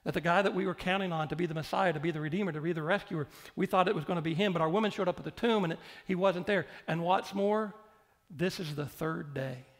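A man's voice: sits high, quick pace. A male pastor preaching a sermon, repeating phrases and putting questions straight to the congregation. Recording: long hall reverb.

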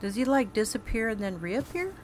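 A woman's voice: on the high side, very animated, fairly quick, noisy background. A woman streaming a horror game, gasping and exclaiming to her viewers as she plays. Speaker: gaming streamer.

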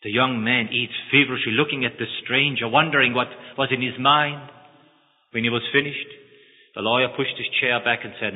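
A man's voice: mid-range voice, brisk. A man preaches with dramatic passion, shaping the sermon around vivid stories. His voice comes through a tinny, phone-like recording. A long reverb hangs behind it, as in a large hall. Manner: impassioned, dramatic. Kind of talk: sermon storytelling.

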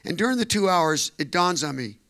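An older male pastor preaching a sermon, telling a story that builds to shouted preaching. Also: sits high, expressive, fairly quick. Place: church.

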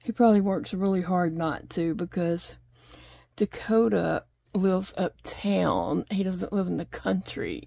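A woman's voice: on the low side, expressive, measured pace, vocal fry, mellow, dry recording. A middle-aged woman chatting casually at home while she crochets, rambling along and talking to her pets. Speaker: crochet vlogger. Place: home desk.

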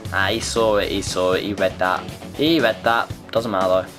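A young man giving excitable, swearing live commentary on his own gameplay, talking to himself as he plays. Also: sits low, moderate pace, music in the background. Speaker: gaming video creator.

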